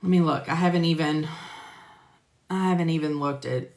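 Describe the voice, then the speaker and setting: Her voice is low and darkish, moving at a moderate pace. Through a phone or computer mic with roomy echo, she teaches medical coding live, chatting casually, addressing viewers by name, and filling speech with fillers.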